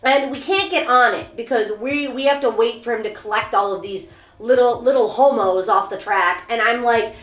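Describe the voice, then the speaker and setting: High-voiced woman telling a rambling story. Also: moderate pace, reverberant. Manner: animated, rambling, self-mocking. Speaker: VTuber streamer. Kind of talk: casual storytelling to stream chat. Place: bathroom during a bath.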